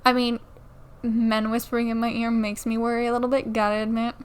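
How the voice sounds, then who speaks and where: A woman's voice: fairly high pitch, flat delivery, fairly quick, clear, resonant tone. A young woman casually commenting on a game at home into a new mic, playfully reading the dialogue aloud and joking about it. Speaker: let's play creator. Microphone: new desktop mic.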